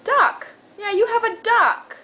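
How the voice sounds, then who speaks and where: A woman's voice: extremely high pitch, slow pace, pushed and bright, low-quality recording. A woman at home talking sing-song baby talk to a toddler, patiently coaxing and repeating her questions. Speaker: parent teaching a toddler.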